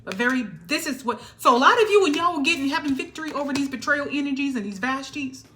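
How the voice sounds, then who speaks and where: A woman's voice: sits high, animated, fast talker, fairly bright tone, slight background noise. A woman giving a spiritual tarot reading to her viewers. She talks in an emphatic, sassy way and keeps checking in with "all right?". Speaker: tarot reader.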